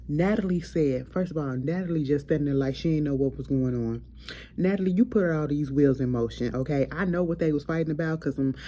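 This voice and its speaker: Host type: low, mellow-voiced woman, blunt and profane reality-show recapper, faint background hum. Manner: blunt, profane, animated storytelling. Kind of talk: casual reality TV commentary.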